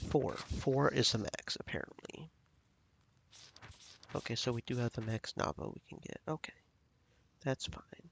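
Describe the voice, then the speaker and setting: Gravelly man streaming a game. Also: medium pitch, lively intonation, unhurried, long pauses, a bit bright, slight background noise. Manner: thinking aloud, rambling. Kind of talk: casual let's play commentary.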